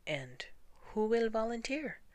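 A woman voicing an old, wrinkled grandmother mouse in a storybook, asking quiet, pointed questions. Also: fairly high pitch, sing-song, slow, dry recording, voice pushed up.

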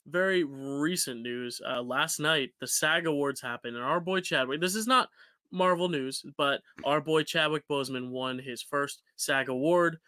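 Young guy cohosting a chill chat, bright tense voice, kinda high, rambly with lots of ums, dry close mic. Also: normal speed, no room sound. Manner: chatty, rambling with fillers and restarts. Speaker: podcast co-host. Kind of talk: casual chat.

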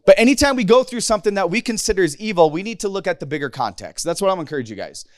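A man's voice: high-pitched, expressive, racing, dry recording. Thirties male youth preacher, candid and emotional, casual delivery, dry sound. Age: 30s. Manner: emotional, candid, rambling with restarts. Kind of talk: casual sermon.

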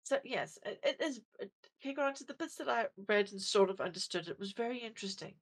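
A woman's voice: mid-range voice, expressive, brisk, husky. A woman co-hosting a podcast in casual chat, rambling and self-deprecating, full of fillers and restarts. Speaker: podcast co-host.

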